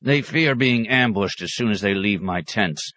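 A man voicing a proud, gruff nomad clan chief who speaks bluntly. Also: normal speed, fairly bright tone, close to an everyday voice. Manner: rumbling, blunt.

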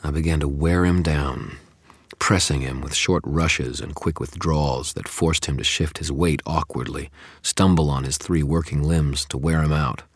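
A man's voice: extremely low pitch, steady tone, moderate pace, breathy edge, no room sound, clean studio sound. A man narrating a first-person audiobook with an intense, brooding delivery.

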